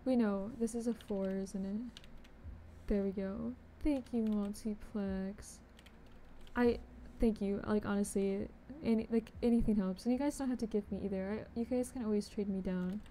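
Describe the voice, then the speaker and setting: A woman's voice: mid-range voice, fairly even intonation, moderate pace, warm tone. A young woman chatting casually on a game live stream, bubbly and chatty, greeting viewers with pet names. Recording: faint background noise.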